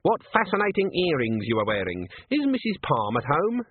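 A stern, impassive old witch, as a man puts her on, cool and formal in a raised, husky voice. The sound is thin and dry, like a phone line. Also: a little high, wildly swooping pitch, normal speed, dry recording, pitched above the performer's own voice, full character voice. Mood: composed.

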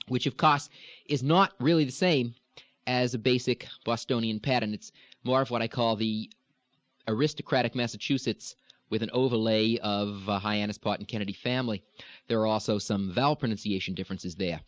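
A man teaching a recorded accent lesson as a dialect coach, explaining in a measured way and demonstrating sounds. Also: medium pitch, dry recording. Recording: dull, dry, lo-fi recording.

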